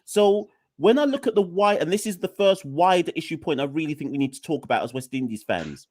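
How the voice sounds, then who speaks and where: A man's voice: fairly high pitch, expressive, fairly quick, darkish tone, no room sound, clean studio sound. A man hosting a cricket podcast, speaking in an emphatic, exasperated way and talking straight to his listeners. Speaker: podcast host. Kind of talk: opinionated cricket podcast rant.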